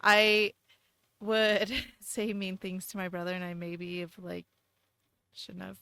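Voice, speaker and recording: A woman in her thirties chatting earnestly as a podcast guest, laughing now and then. Her voice is bright and smooth, and the recording is dry and close. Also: mid-range voice, completely flat delivery, slow, dry recording. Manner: earnest, laughing, emotional at times. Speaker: guest, host's wife. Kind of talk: casual podcast chat.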